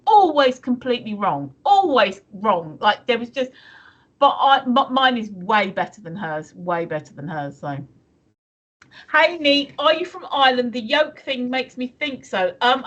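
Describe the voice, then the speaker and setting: A woman's voice: on the high side, a bit bright, highs cut off. A woman from the UK co-hosting a live stream, chatting casually and rambling with many restarts. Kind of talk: casual chat reading viewer comments.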